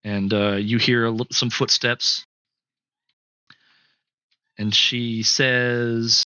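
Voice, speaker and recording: A man running a tabletop game as game master, telling the scene in a halting way with lots of fillers. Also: medium pitch, level tone, bright, forceful tone, no echo. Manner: halting, filler-heavy storytelling.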